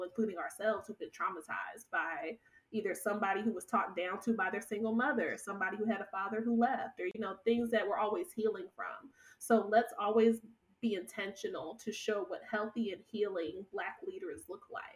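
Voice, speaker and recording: A woman in her thirties telling stories from her work as a podcast guest, animated and laughing often. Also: mid-range voice, recorded from a distance, rough recording. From United States. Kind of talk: conversational storytelling.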